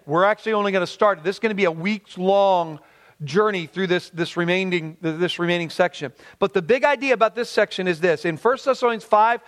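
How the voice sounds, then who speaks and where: A male pastor preaching a sermon, lively and conversational, slowing down for emphasis and dropping lower when reading scripture aloud.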